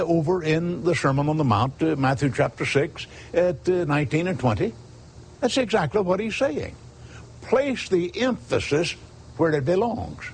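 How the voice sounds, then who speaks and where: Animated preacher man quoting scripture. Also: a little high, a little hiss or hum. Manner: animated, quotes scripture with chapter and verse. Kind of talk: sermon.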